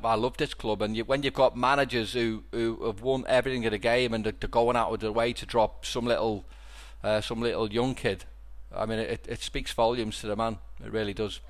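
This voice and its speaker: A mid-range, steady-toned male voice speaks a little fast with few pauses. He's a Scouse-accented podcast host from Liverpool, England, whose casual stories ramble along with frequent restarts and repeated words.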